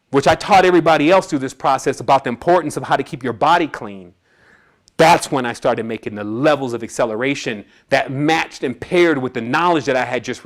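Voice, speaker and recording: A man giving a casual, streetwise talk to an audience, telling a personal story and acting out the people in it. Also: fairly high pitch. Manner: casual and streetwise, acts out quoted voices. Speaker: spiritual presenter.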